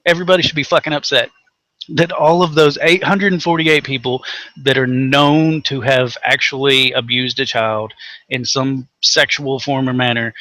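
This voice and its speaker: A Southern man from Tennessee rants with biting sarcasm and a steady stream of swearing. His voice is bright and forceful at an average pitch. The sound is dry and close, with no room around it. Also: dry recording. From Tennessee, USA. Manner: angry, sarcastic, heavy swearing, mocking voices. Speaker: co-host of a rant show. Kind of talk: profane ranting commentary.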